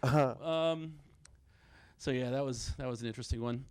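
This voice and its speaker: A middle-aged man doing a stand-up comedy set, self-deprecating, with quick punchlines and short bits where he acts out his kids. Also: medium pitch, clean tone, no echo. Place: small comedy stage with a live audience.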